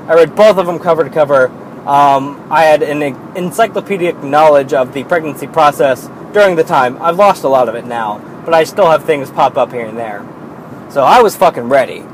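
A man's voice: a little high, normal speed, a little hiss or hum, low-quality recording. Profane young man telling a story. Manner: profane, rambling, animated. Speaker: new father. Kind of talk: casual personal storytelling.

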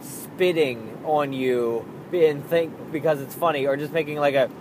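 A young father speaks frankly about raising his daughter, slipping easily into swearing. His voice sits slightly high for a man and he takes his time with each thought. A faint steady hum runs underneath the recording. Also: unhurried. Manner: candid, swears freely, acts out his own outbursts. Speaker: parent talking about raising a child. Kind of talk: casual monologue.

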